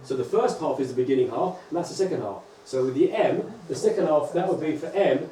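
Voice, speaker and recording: A man's voice: fairly high pitch, quick pace, few pauses. Man lecturing in an echoey hall. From England. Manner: lively, checks in with frequent "right?" and "okay?". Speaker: rabbi teaching teachers. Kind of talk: conference lecture. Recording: echoey hall, distant mic, faint hum.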